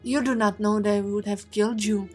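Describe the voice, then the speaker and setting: A woman voicing a stern female mentor who scolds in formal, measured speech. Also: mid-range voice, level tone, natural voice. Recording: faint music behind.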